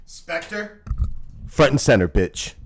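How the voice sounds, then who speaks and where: A male streamer in his thirties, talking off the cuff to his live chat. His pitch jumps all over the place, from booming shouts down to quiet muttering, and he is crude and teasing throughout. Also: very animated, takes it slowly, slightly rough. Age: 30s. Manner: rowdy, profane, teasing, swings between loud shouts and low mumbles.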